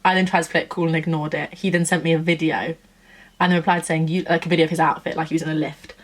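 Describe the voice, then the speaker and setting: A woman's voice: deep voice, level tone, fast talker. A woman in her twenties from England, telling a story in a gushing, chatty vlog style and acting out what people said. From Nottingham, England. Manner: chatty, gushing, acts out quotes. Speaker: vlogger. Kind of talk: casual storytelling chat.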